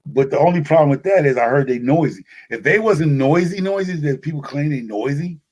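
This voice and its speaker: A man's voice: fairly high pitch, animated, a little fast, darkish tone. Laid-back New man chatting. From New York City. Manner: rambling, laid-back, slangy. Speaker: podcast host. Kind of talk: casual chat.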